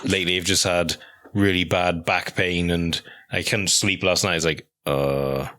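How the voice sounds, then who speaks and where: A young man co-hosts a relaxed podcast, his voice very deep yet bright and forward. He rambles through stories and laughs often. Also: normal speed. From Wales. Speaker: podcast co-host. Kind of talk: casual chat.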